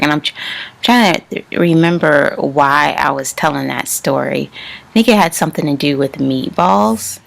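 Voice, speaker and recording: A woman's voice: sits low, gravelly. A young woman vlogger telling a personal story casually, rambling and laughing as she acts out both sides of the conversation. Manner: rambling, laughs often, quotes others in dialogue.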